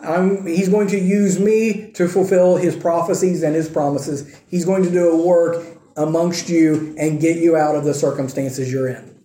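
Preacher speaking as God: measured, reassuring, mellow, a little high, echoey hall. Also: male voice, steady tone, lightly acted. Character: God, a calm commanding male voice calling a reluctant man. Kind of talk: sermon retelling with acted quotes.

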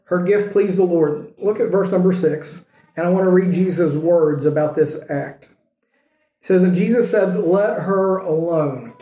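Guy preaching in church, mellow voice, kinda high, echoey room. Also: normal speed. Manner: conversational preaching, rhetorical questions. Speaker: pastor. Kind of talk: sermon. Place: church sanctuary.

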